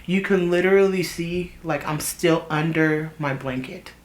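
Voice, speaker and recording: A young woman telling a story in a chatty, animated way while getting ready, with asides to her viewers. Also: low voice, measured pace. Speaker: vlogger. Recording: roomy echo.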